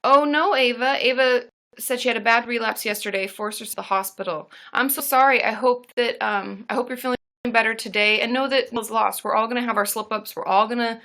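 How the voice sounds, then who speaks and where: Woman therapist, livestream host, bright forceful tone, bubbly and casual, cheers viewers. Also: on the high side, steady tone, a little fast. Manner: bubbly, cheers viewers with squealed woo woos, swears casually.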